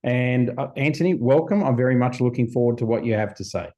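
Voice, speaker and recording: A man's voice: mid-range voice, fast talker, mellow. A man hosting a live event who introduces the guest speaker with brief, friendly praise.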